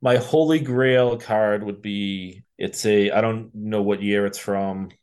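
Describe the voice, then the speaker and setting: A man's voice: fairly low pitch, fairly even intonation, slow pace, darkish tone, clean tone. A man with a Boston accent, a podcast guest giving candid, rambling answers in casual chat.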